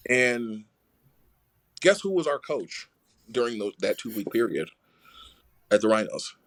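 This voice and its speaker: A young adult man telling a story in casual conversation, animated and full of "like" fillers, acting out the quoted dialogue. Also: fairly low pitch, a little slow. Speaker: rugby player, podcast guest.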